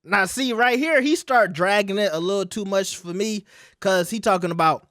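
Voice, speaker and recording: High-voiced chatty man, dry close sound. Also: lively intonation, fairly quick, fairly bright tone, no room sound. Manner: chatty, conversational, keeps asking the audience. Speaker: commentary channel host. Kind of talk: casual commentary reading out text messages.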